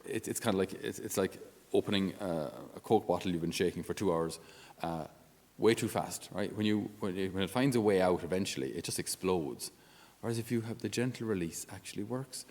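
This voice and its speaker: A Catholic priest gives an informal spiritual talk on his podcast, conversational and down to earth, with self-deprecating humor. His deep, slightly mellow voice moves briskly with hardly any pauses, and a long reverb tail trails behind it.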